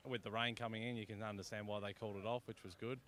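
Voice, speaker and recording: Dry, quick Australian male driver. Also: lowish voice, flat delivery, fairly bright tone. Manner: dry, understated. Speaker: rally driver.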